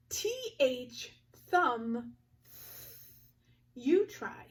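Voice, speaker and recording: A woman teaching a phonics lesson to young children, slowly sounding out each word with clear articulation. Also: on the high side, lively intonation, distant mic.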